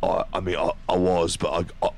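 A man's voice: sits low, completely flat delivery, fairly quick, vocal fry, a little mellow. A man playing in a tabletop role-playing game, talking in a stammering, laughing manner with frequent swearing. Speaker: player. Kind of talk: tabletop role-play banter.

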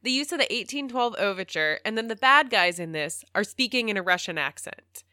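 A woman's voice: medium pitch, lively intonation, brisk, sharp tone, no room sound, clean studio sound. A woman co-hosting a podcast, chiming in easily during a recap chat. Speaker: podcast co-host.

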